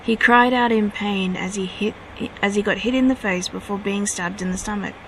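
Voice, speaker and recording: A woman reading her own fanfiction aloud at a steady pace, now and then correcting herself. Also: medium pitch, moderate pace, a little hiss or hum, rough recording.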